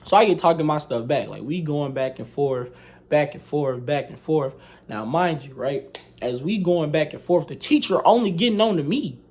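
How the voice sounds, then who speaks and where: A young man, casually retelling a school story, animated, slangy and profane. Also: fairly high pitch, normal speed. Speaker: vlogger telling a story.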